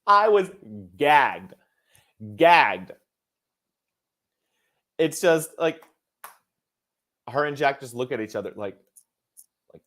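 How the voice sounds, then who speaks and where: A man hosting a casual podcast chat, expressive and emphatic, often laughing. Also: mid-range voice, slow pace, pauses often. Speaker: podcast host.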